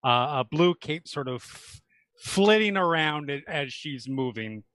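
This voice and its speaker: Slow bright-voiced man describing his character. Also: a little high, expressive, no room sound. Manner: halting, searching for words. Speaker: player. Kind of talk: describing a character in a tabletop game.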